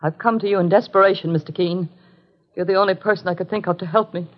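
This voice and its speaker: A woman's voice: on the low side, fairly even intonation, fast talker, soft background music, lightly acted. An actress playing a desperate, tense middle-aged wife and mother in a 1950s radio drama, earnest and pleading. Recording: muffled 1950s radio broadcast.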